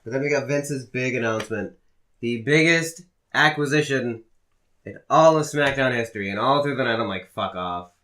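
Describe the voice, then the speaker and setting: A man at an everyday middle pitch gives a casual spoken recap on a podcast. His delivery is dry and running, and he swears freely along the way. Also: normal speed, sharp tone. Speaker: podcast co-host. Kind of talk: casual chat, recapping shows.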